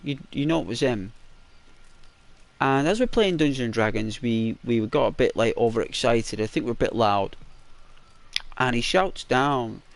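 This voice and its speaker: A man's voice: mid-range voice, lively intonation, moderate pace, gravelly, long pauses. A man hosting a gaming channel, telling a story in a chatty, rambling way with lots of fillers and restarts, in a semi-ASMR narration over gameplay.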